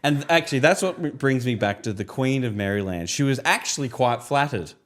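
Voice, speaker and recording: A man in his thirties, a podcast co-host from Australia, telling a long story in casual chat and jumping into high voices when he quotes people. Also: animated, a little fast, fairly bright tone.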